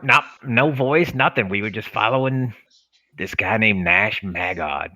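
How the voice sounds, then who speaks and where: A man's voice: lowish voice, a little slow, pushed and bright. A man playing a tabletop game in character, cocky and chatty, swearing casually. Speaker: player. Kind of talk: in-character tabletop role-play.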